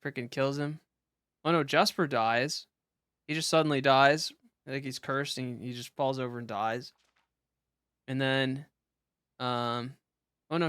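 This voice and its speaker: A man's voice: mid-range voice, a bit bright, clear, resonant tone, dry recording, clean studio sound. A young man streaming a game live, chatting casually with lots of fillers and restarts.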